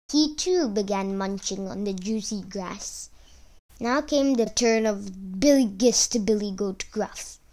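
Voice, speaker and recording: A woman reading a children's fairy tale aloud in an expressive storytelling manner. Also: medium pitch.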